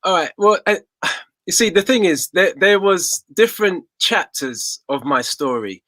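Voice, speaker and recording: A man's voice: high voice, animated, measured pace, sharp tone, dry recording. A man in his forties, a guest singer in a casual interview, telling his story reflectively and repeating words as he thinks. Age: 40s.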